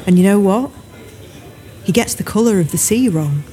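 A woman's voice: mid-range voice, animated, moderate pace, warm tone, soft background music, lightly acted. A woman reading an audiobook, voicing a blunt, teasing adult woman who tells stories. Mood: storytelling. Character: brash chatty adult woman storyteller. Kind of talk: audiobook character voice.

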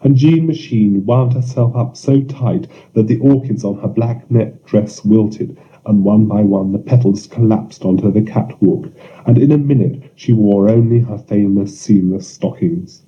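Low-voiced man reading a story. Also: a little slow. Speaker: narrator. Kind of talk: audiobook reading of surreal fiction. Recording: dull lo-fi recording.

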